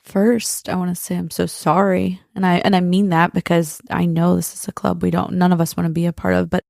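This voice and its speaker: Woman, podcast co-host, low gravelly voice, flat pitch, earnest tender delivery. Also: brisk, no echo, clean studio sound. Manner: earnest, tender, speaking directly to listeners. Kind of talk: heartfelt faith-based talk.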